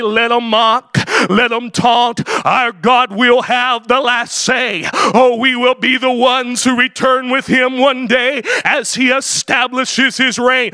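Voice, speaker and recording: A man preaching a fervent sermon who often shouts and opens phrases with "oh.". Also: very high-pitched, no room sound. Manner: impassioned, often shouting, frequent "oh" interjections.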